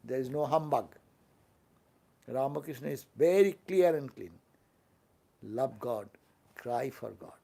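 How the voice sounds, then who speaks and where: A man's voice: medium pitch, creaky, mellow. An older man, a monk with an Indian English accent, giving a fervent sermon and often asking his listeners questions. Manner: fervent, asks the listeners questions, quick tag-questions. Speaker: monk giving a spiritual talk.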